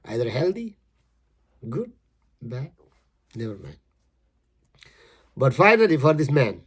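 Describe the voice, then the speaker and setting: A man explaining his poem in halting, emphatic English, repeating his words as he goes. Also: mid-range voice, very animated, slightly rough. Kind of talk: casual spoken explanation.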